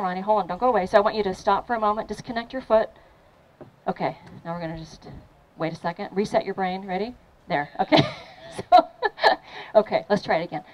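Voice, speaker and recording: An upbeat woman trainer leads a live demo in front of a crowd, mixing instructions with frequent laughs. Her pitch sits in the middle of the usual range. Faint background noise runs under her voice. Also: low-quality recording. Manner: upbeat, encouraging, laughs often. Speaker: fitness trainer. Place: outdoor event with a crowd.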